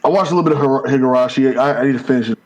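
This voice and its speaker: Guy on a muffled lo-fi mic, lots of ums and pauses. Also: mid-range voice. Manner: hesitant, many ums. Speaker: podcast co-host. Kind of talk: casual chat. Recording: dull lo-fi sound.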